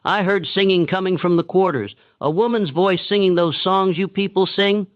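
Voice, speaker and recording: A man putting on a harsh, suspicious overseer coming apart, curt and accusing, with a somewhat higher-pitched voice. The sound is dull and dry, close and lo-fi, as in a narrated audio story. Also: moderate pace, no room sound, natural voice. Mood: uneasy. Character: paranoid, unraveling male overseer, harsh and suspicious.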